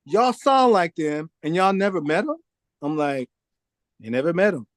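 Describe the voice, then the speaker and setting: Animated storytelling man, fairly high voice. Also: moderate pace, no echo, studio quality. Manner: animated storyteller, acts out quoted voices, says "man" a lot. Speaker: record producer guest. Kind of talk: casual storytelling interview.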